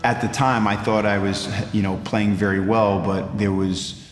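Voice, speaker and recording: A man's voice: on the low side, little pitch movement, moderate pace, echoey room, in a large hall, faint music behind. A former player reflecting on his college hopes in a documentary interview.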